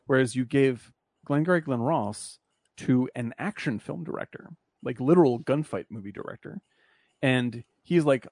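A man's voice: medium pitch, moderate pace, darkish tone, dry recording. A man hosting a casual film discussion, blunt and profane, rambling with lots of fillers.

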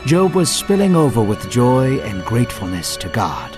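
A man's voice: medium pitch, very animated, normal speed, music in the background. A man narrating a Bible story in an earnest, dramatic scripted style.

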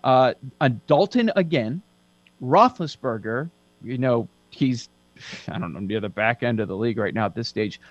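A man's voice: medium pitch, expressive, no echo, highs cut off. A man hosting a casual sports betting chat, running through team records with dry sarcasm. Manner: sarcastic, lists facts quickly.

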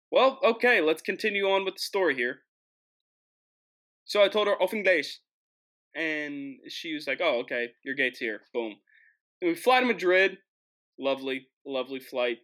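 A young American man hosting his own show, telling a travel story in an animated, jokey way with lots of restarts. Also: mid-range voice. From United States. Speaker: host. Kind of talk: casual storytelling monologue.

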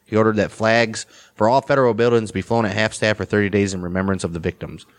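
Fast-reading male podcast co-host. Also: lowish voice, fairly even intonation. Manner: quick, joking asides. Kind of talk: reading history and casual chat.

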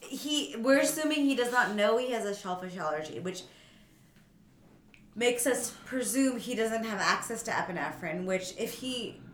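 A woman doctor co-hosting a podcast, explaining in a measured, affirming way during casual chat. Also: a little high, expressive, a bit bright, echoey room, slight background noise.

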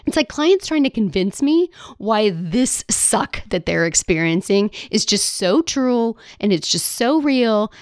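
A woman hosts her own life coaching podcast, talking playfully and laughing often as she acts out whiny voices. Her voice sits at a middle pitch. The sound is dry and close, with no room echo. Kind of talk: solo podcast monologue.

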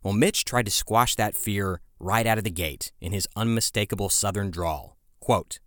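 A man's voice: fairly low pitch, normal speed, few pauses, a bit bright, no echo, studio quality. A man hosting a history podcast, telling the story in a conversational way with asides to his listeners. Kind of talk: scripted history narration.

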